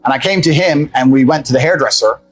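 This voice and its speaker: A man's voice: mid-range voice, fast, soft background music, rough recording. A man telling a personal story as an interview guest, blunt and profane, with rambling asides.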